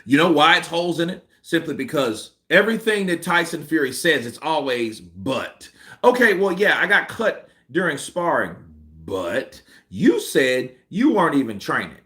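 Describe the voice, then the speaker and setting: Host, male, ranting commentary, lively bright voice, heated. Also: a little high, normal speed. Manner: animated, heated venting with emphatic repetition. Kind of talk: ranting live-stream commentary.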